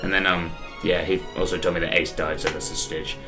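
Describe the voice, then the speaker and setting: A man's voice: deep voice, level tone, brisk, over music. A young man chatting casually as a podcast co-host, slangy and swearing. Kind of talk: casual chat.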